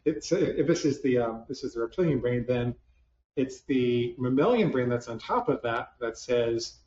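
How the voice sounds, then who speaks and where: A man's voice: mid-range voice, animated, a little slow, a little mellow. Guy telling his story on stage, joking at himself, dull lo-fi sound with faint hum behind. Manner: conversational, self-deprecating humor with many restarts. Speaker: psychologist. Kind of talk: storytelling talk to a live audience. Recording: roomy, distant, dull lo-fi hall sound.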